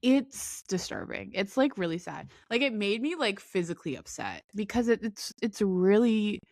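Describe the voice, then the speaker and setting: A woman's voice: medium pitch, moderate pace, dry recording, clean studio sound. A woman co-hosting a podcast, telling stories in casual chat with lots of fillers and acted-out quotes. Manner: animated storyteller, acts out quotes, many fillers. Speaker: podcast co-host.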